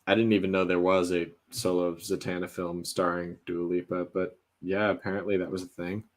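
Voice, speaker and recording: Low-voiced young man, laid-back. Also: brisk. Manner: relaxed, hesitant with fillers. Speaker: podcast co-host reading news. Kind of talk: casual chat.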